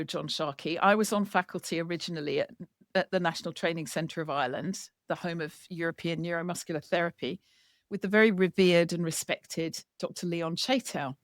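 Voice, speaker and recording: Woman, author interview, lively chatty storytelling, dry sound. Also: fairly low pitch, no echo. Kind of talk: casual chat.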